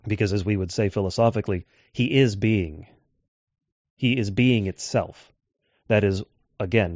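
A man giving a measured lecture on scripture translation, slowing down to quote texts. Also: fairly low pitch, darkish tone, dry recording. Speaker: Bible teacher. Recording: dull dry lo-fi audio.

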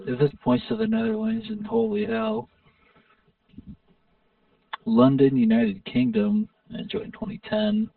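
Hesitant man thinking aloud, high gravelly voice, tinny distant audio. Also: lively intonation, measured pace, pauses often, dry recording. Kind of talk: casual voice-chat banter.

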